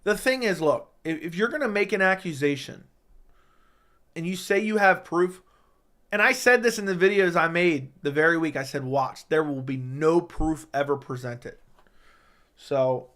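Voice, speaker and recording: A man hosting a casual livestream, reading viewer questions out loud and answering them in a chatty, joking way. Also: a little high, moderate pace. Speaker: livestream host.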